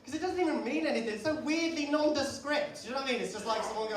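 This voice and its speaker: A man's voice: extremely high pitch, very fast, few pauses. A man doing a stand-up comedy set in a pub, chatting with the crowd, swearing often and checking in with "right?" as he tells his stories. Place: comedy pub stage before a live audience. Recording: echoey pub room, distant mic, audience laughter.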